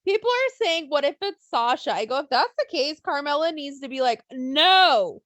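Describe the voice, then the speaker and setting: A young woman on a podcast, talking high and with a lot of bounce in her pitch, blunt and quick to swear. Her voice is close and dry, with no room sound. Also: no room sound. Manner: animated, blunt, swears freely, acts out fan voices. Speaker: podcast co-host. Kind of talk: casual wrestling podcast chat.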